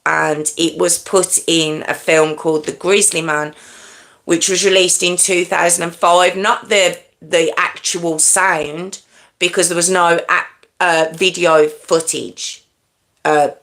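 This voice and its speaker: A woman with a low voice tells a true crime story slowly to her livestream audience. She talks in a conversational, halting way, restarts her sentences and keeps checking in with her listeners. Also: vocal fry, fairly bright tone.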